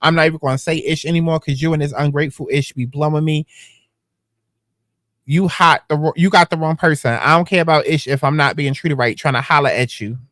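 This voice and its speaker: A man reads out text messages and reacts to them with sarcastic, slangy commentary. His voice sits a little high for a man. The sound is close and dry, with no room echo. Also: a little fast, fairly bright tone. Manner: sassy, slangy, sarcastic asides. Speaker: commentary channel host.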